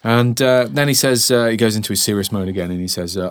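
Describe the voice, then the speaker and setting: A fairly low-voiced man in his forties, chatting casually on a podcast. He tells animated stories and now and then sinks to a hushed whisper for effect. The sound is dry and close to the mic. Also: fast talker, clear, resonant tone, no echo. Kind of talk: casual chat.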